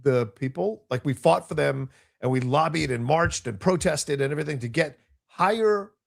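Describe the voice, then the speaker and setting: Gravelly, blunt man on a podcast. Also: on the high side, normal speed. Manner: blunt, exaggerated reactions. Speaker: co-host. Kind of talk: casual podcast chat.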